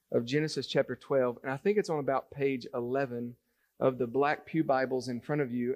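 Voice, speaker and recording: A man's voice: mid-range voice, a little mellow. A man preaching a sermon to a congregation, earnest and building to emphatic points as he reads scripture. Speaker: pastor. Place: church sanctuary.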